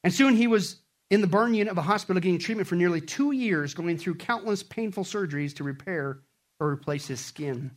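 Animated high-voiced male preacher. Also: brisk. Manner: animated, swings from shouting to quiet. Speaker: pastor. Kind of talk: sermon.

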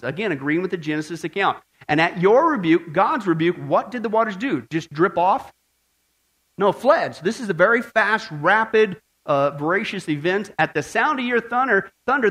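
A man preaching, swinging from loud exclaiming to hushed, prayerful tones. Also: high voice. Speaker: pastor. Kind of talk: sermon.

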